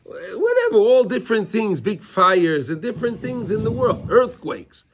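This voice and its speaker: A man with a somewhat raised pitch leads a casual Torah class in front of students. He talks in a loose, repetitive way and keeps checking in with his listeners to be sure they follow. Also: big pitch swings, normal speed, breathy edge. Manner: repetitive, conversational, often checking in with "right?". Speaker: Torah teacher.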